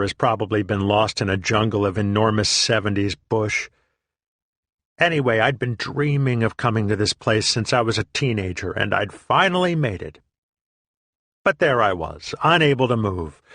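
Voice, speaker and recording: A man's voice: fairly low pitch, a bit bright, dry recording, clean studio sound. A man reading a first-person memoir aloud in a profane, sardonic, self-deprecating way. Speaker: audiobook reader.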